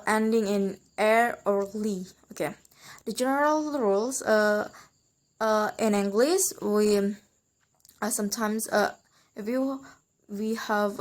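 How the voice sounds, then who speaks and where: A young woman, a student explaining English word stress rules, hesitant, with many fillers and restarts, repeating example words. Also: medium pitch. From Indonesia. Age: young adult. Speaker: student presenter.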